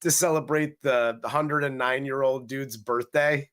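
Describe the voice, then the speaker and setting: A man co-hosting a comedy movie review podcast, talking at a steady middle pitch. He chats casually and swears a lot. He gets animated as he acts out his favorite scenes. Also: a little slow, clear, resonant tone. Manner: profane, animated retelling of scenes. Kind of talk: casual chat.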